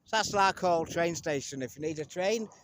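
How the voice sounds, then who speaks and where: A man's voice: a little high, moderate pace, fairly bright tone, no room sound. Chatty joking man vlogging outdoors. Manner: chatty, joking, talks to camera. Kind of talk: casual walking vlog narration. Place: outdoors, town streets.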